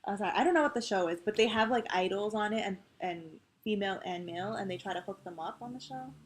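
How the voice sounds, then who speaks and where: A woman's voice: medium pitch, quick pace, slight background noise. A woman co-hosting a podcast in casual chat, rambling and giggly, leaning on "like" a lot. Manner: rambling, heavy use of "like", giggly. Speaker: podcast co-host.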